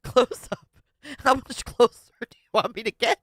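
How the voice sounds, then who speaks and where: A woman's voice: on the high side, normal speed, fairly bright tone, no room sound, clean studio sound. A woman hosting a live stream, chatting casually in reaction to a video, laughing constantly and swearing freely. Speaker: livestream host. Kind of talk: casual livestream reaction commentary.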